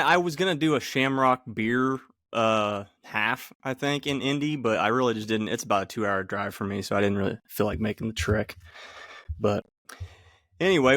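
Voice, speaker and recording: A man co-hosting a podcast and introducing the guest in relaxed, easygoing casual chat. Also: medium pitch, normal speed, no echo, studio quality. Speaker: podcast co-host.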